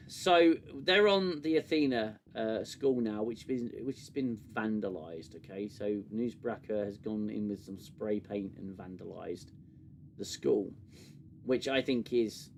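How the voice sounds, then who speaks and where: A man's voice: on the low side, a little slow, creaky, a little hiss or hum. Sarcastic man ranting casually. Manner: sarcastic, exasperated, restarts often. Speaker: podcast host. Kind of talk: casual review chat.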